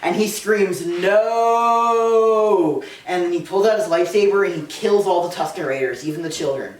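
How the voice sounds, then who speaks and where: This presenter's voice sits high and has a darkish tone, and he talks quickly. Addressing a small audience in a room, he gives a comedic, casual lecture full of sarcastic rambling and "like" asides, captured with echo from a distant microphone.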